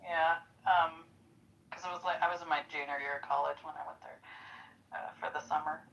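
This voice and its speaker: A woman's voice: deep voice, steady tone, fairly quick, creaky, a bit bright, low-quality recording. A woman in her forties chatting casually in an online audio room, rambling with lots of fillers. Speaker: chat room participant. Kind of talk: casual chat.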